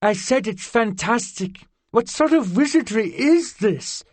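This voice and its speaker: High prim british fairy girl, a guy doing her, formal old-timey talk, dry sound. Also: lively intonation, measured pace, a little mellow, dry recording. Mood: wondering. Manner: formal, old-fashioned phrasing. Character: haughty fairy girl, curious and blunt.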